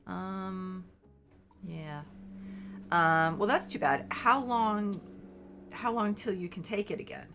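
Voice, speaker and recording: This game streamer, a middle-aged woman, chats casually with viewers as she plays, her mid-range voice slow, fairly bright, and marked by vocal fry and frequent pauses. She sounds congested and sniffly, rambling apologetically with many fillers over soft background music.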